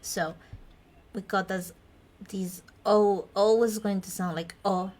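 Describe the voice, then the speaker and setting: Slow-speaking woman teacher. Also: mid-range voice, steady tone, darkish tone. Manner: chatty, self-correcting, laughs between points. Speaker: Spanish teacher. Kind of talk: informal language lesson.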